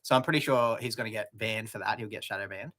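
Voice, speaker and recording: A man's voice: lowish voice, fast, a bit bright. A man with an Australian accent co-hosting a casual comedic news chat, laid-back and sarcastic, often trailing off. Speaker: co-host.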